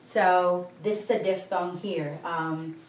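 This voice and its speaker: Slow, patient woman teaching in an echoey room. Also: on the low side, fairly even intonation, slight background noise. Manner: spells out syllables slowly, asks learners to repeat. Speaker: language teacher. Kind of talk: slow patient language lesson. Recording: echoey room, voice a bit far from the mic.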